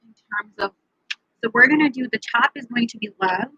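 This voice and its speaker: A woman's voice: a little high, a little fast, sharp tone, breathy edge, dry recording, dull audio. A woman giving a live tarot reading, chatting playfully and addressing viewers by name. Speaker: tarot reader.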